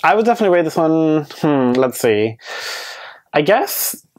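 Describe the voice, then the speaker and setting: A man's voice: a little high, very animated, normal speed, darkish tone. A man giving a casual, candid review on his vlog, chatty and hedging with many fillers, with playfully sassy asides. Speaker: beauty vlogger reviewing wigs. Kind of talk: casual product review chat.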